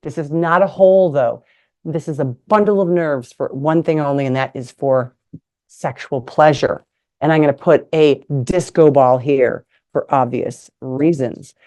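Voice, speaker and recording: A middle-aged woman with a low, mellow voice gives a live talk over a video call. She is frank and playful, joking her way through a lesson with props on the table. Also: a little slow. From United States. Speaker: retired nurse and sex ed teacher giving a talk. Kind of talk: live online presentation with props. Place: indoors at a table.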